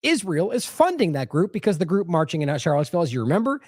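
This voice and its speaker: A man hosting an independent news commentary show, talking in a sarcastic, mocking and animated way. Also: fairly high pitch, quick pace, no room sound, clean studio sound. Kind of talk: opinionated commentary.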